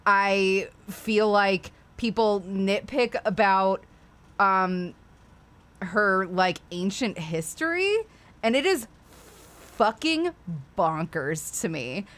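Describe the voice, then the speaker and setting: A woman hosting a casual livestream, talking straight to her viewers. Her pitch jumps up and down a lot as she rants, swears freely and keeps breaking off to apologize. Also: fairly bright tone. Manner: profane, ranting, apologetic asides. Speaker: livestream host.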